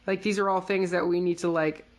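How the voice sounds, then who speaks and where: Casual woman co-host lower register, chatty and playful. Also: fairly even intonation, a little fast. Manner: chatty, lots of fillers, quotes characters in playful voices. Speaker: podcast co-host. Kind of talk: casual recap chat.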